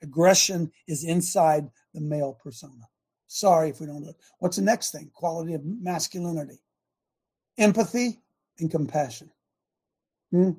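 An older man with a high, husky voice rants as a show host, fired up and emphatic. He drives each point home by saying it again and again. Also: moderate pace, a little mellow. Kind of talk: impassioned opinion monologue.

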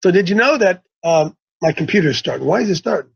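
Brief: defiant sermon voice, repeats lines, breathy texture, muffled recording. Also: medium pitch, expressive, fast talker. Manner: mocking, blunt, repeats points. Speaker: preacher. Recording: dull lo-fi recording.

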